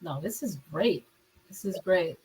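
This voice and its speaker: A woman's voice: on the low side, lively intonation, unhurried, warm tone, reverberant. A woman podcast host in a casual interview, affirming and laughing along with her guest.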